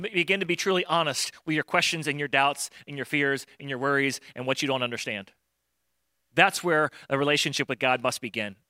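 A male pastor gives a casual, chatty sermon, slipping into modern voices to act out the scripture. His voice sits a touch high with a bright, forward edge. The sound is close and dry. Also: no echo. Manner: conversational, acts out Bible dialogue in modern voices.

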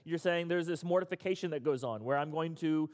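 A man's voice: fairly high pitch, a little fast, darkish tone. A male pastor giving an interactive sermon, emphatic and repetitive, coaxing his audience to respond. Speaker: pastor leading a recovery group. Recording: echoey hall.

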